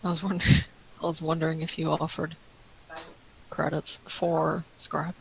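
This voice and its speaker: Chill tabletop player, gravelly voice, laughs a lot, faint hiss. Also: medium pitch, flat delivery, a little slow, low-quality recording. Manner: laughing, casual. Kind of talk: casual tabletop play.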